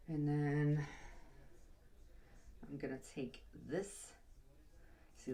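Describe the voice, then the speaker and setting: A woman's voice: low voice, mellow. Chatty woman rambling while styling hair. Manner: rambling, chatty, with muttered asides to herself. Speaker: vlogger. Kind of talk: casual storytelling while doing her hair.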